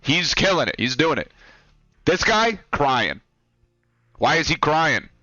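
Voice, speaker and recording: A man's voice: mid-range voice, bright, forceful tone, no room sound. A young man, a former Marine, casually telling a rambling, profane story while pointing things out on a map. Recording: dry, dull lo-fi sound with faint music.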